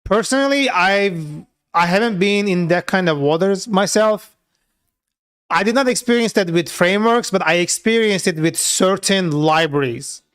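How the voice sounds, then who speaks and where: Dude coding live, kinda high smooth voice, rambly, lots of "like", swears a bit. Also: male voice, expressive, moderate pace, fairly bright tone. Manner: loose and chatty, many filler words, swears freely. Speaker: software developer streaming his coding work. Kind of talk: casual live coding session.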